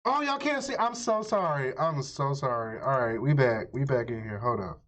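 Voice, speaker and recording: A man streaming live, chatting casually with his viewers, animated and swearing freely as he reacts to a video. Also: medium pitch, moderate pace. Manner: animated, swearing, talks to chat. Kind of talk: casual chat. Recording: dull lo-fi stream audio.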